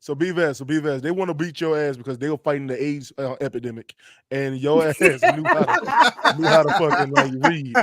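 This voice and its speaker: A man's voice: on the high side, sing-song, brisk, fairly bright tone. A man on a casual podcast, joking and exclaiming. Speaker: podcast co-host. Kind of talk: casual banter.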